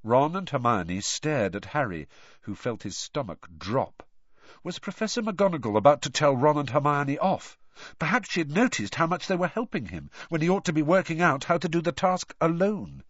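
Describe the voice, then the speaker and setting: A male audiobook reader with a lively, rising and falling pitch, telling the story expressively. The sound is dry and a little dull, like a close booth recording. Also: moderate pace, no room sound. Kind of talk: scripted narration.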